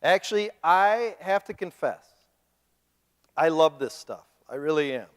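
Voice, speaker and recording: A man preaching a sermon as pastor, animated and joking, mimicking the people he talks about. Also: a little high, measured pace. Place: church sanctuary. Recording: long reverb of a church hall.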